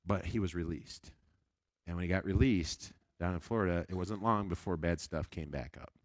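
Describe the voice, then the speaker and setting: Low-voiced man telling a sermon story. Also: moderate pace, no room sound. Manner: chatty, animated storytelling with frequent restarts. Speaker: evangelist preacher. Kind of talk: storytelling Sunday school sermon.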